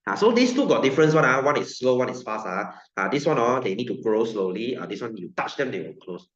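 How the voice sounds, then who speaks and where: A man's voice: medium pitch, very animated, fast talker, roomy sound, dull audio. A man with a Malaysian English accent teaching a science class, chatty and joking, laughing often and slipping into Malay.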